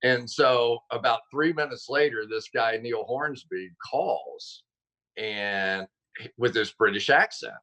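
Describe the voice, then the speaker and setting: A man telling stories as a guest on a video call, animated and quick to correct himself mid-sentence. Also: medium pitch, poor audio. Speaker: guest, football analyst. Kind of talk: casual interview chat.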